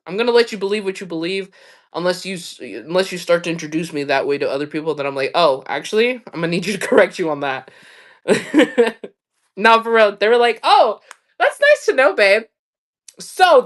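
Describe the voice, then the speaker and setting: A woman livestreamer talks casually and candidly, swearing freely and laughing often as she rambles through stories. Her voice sits slightly low for a woman. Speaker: livestream host.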